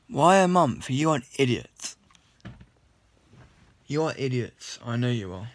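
A man's voice: medium pitch, sing-song, slow pace, pauses often, no echo, clean studio sound. A young man from the UK ranting in a vlog, annoyed and rambling, with many restarts and blunt complaints. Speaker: vlogger.

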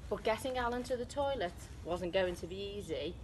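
A British woman, an infant school teacher, reading a picture book aloud to children in a slow, expressive read-aloud manner. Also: mid-range voice, slight background noise. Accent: British English.

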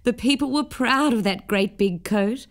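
A woman's voice: on the high side, unhurried. A woman reads a rhyming storybook for children aloud. Her delivery is lilting and rhythmic, the way a bedtime tale is told. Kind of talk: children's story narration in rhyme.

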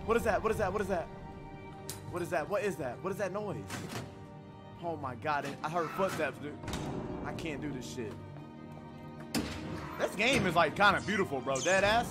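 A young male streamer with a high voice, talking through a horror game in loose, slangy, profane banter on a streaming mic. Loud game music plays behind him throughout. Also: lively intonation, moderate pace, pauses often. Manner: loose slangy profane chatter, screams when scared. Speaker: gaming streamer. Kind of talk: casual game commentary.

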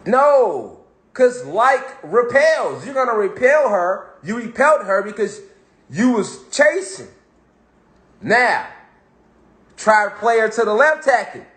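His voice sits high, a bit bright, with a slow, sing-song quality, and the room is echoey. A spiritual talk host, he offers an easygoing motivational monologue on spirituality, speaking street slang and repeating phrases for emphasis.

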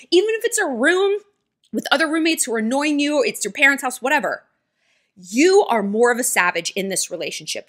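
A woman's voice: sits high, a bit bright. A woman giving blunt relationship advice straight to her viewers in a chatty vlog, acting out the people in her stories. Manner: chatty, acts out quoted dialogue in storytelling; blunt, direct-address advice.

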